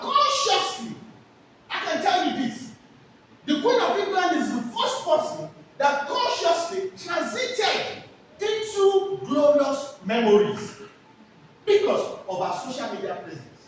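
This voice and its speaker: Throwing questions at her class and answering them herself, a woman delivers a call-and-response lecture in a high, lively voice with wide pitch swings, a little slow. She's heard from a distance in a very echoey room with faint background noise.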